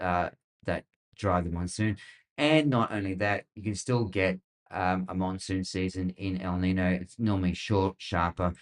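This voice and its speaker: A middle-aged Australian man hosting a weather show, rambling and sarcastic with lots of fillers. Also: deep voice. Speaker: weather podcast host. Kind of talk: casual commentary.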